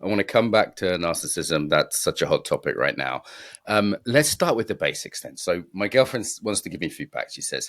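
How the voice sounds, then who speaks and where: A man's voice: low-pitched, animated, a little fast, a bit bright. A British man hosting a podcast interview, chatting casually with jokey, self-deprecating questions. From Britain. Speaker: podcast host.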